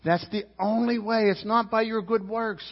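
A man preaching a sermon as pastor, emphatic, swinging from loud climbs to low quiet drops. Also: fairly even intonation, moderate pace. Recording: roomy church hall, dull lo-fi sound.

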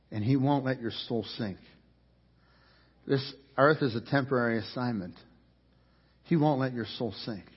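A man preaching from a church pulpit, his voice somewhat husky and breathy. He builds emphatically, pushing harder on key lines and repeating phrases. The sound rings with a long reverb and the audio is a bit dull. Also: medium pitch. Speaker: pastor. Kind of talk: sermon. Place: church sanctuary.

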